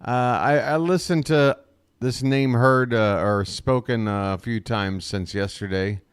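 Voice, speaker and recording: A man's voice: medium pitch, fairly even intonation, unhurried, clear, resonant tone, dry recording. A man calling a baseball game as a fan streamer, chatty and self-deprecating, talking straight to his chat on a close desk microphone. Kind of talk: live fan play-by-play commentary.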